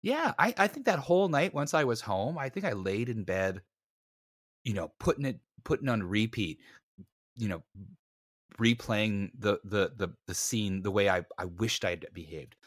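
A man with a fairly low voice tells a story in a casual chat and acts out the people in it. He pokes fun at himself. His voice is close and dry, with no room sound. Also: moderate pace, no room sound. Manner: animated, acts out voices in anecdotes, self-mocking. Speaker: podcast co-host.

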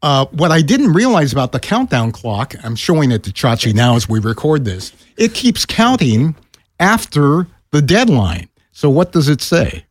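Older man, retired broadcaster. Lively storyteller with a slightly raspy voice, recorded dry. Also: normal speed, few pauses, no room sound. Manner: animated, acts out quoted voices with pitch jumps. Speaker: podcast guest, retired radio broadcaster. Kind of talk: casual storytelling.

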